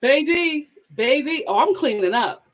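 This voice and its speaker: A woman with a high, bouncy voice that swings widely in pitch, hosting a live review stream. She chats casually and playfully with viewers and laughs often. The audio is dull and lo-fi. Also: lively intonation, measured pace.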